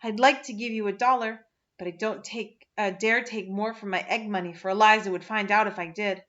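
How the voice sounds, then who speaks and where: A woman's voice: mid-range voice, fairly even intonation, a little fast, fairly bright tone, muffled recording, natural voice. A woman reading the part of a cheerful, timid middle-aged woman who speaks in an earnest, hopeful way. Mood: eager.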